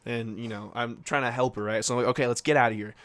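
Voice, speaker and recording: A young man co-hosts a casual podcast, rambling through a story with plenty of fillers and little acted-out quotes. His voice is mid-pitched and sits in a very dry, close-miked sound with no room around it. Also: fairly even intonation, quick pace, a bit bright, no room sound. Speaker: podcast co-host.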